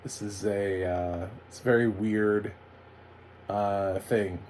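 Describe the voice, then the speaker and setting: Sarcastic man with a low voice. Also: fairly even intonation, slow pace, a little mellow, a little hiss or hum. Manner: sarcastic, rambling, frequent fillers and restarts. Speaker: TV recap reviewer. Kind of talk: casual spoken review.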